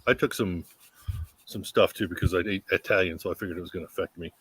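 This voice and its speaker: Low-voiced man rambling on a call. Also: fast talker, slightly rough, dry recording. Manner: relaxed, rambling, profane. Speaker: tasting participant. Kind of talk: casual chat on a video call.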